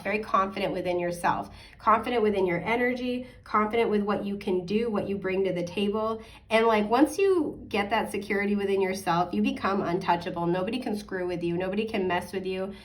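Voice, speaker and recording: A woman giving a casual weekly tarot forecast to her viewers, rambling with lots of fillers, correcting herself and apologizing with a laugh. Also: medium pitch. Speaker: astrology and tarot reader. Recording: voice a bit distant from the mic.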